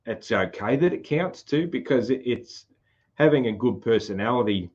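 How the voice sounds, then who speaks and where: A man's voice: medium pitch, expressive, moderate pace, darkish tone, husky, muffled recording. A man with a broad Australian country accent, hosting a casual podcast chat, rambling and laughing often. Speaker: podcast host.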